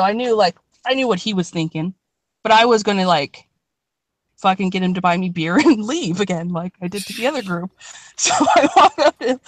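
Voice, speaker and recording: A young podcast co-host rambles through a story in a casual chat, swearing a lot. Her mid-range voice is captured on a dry close mic with no echo.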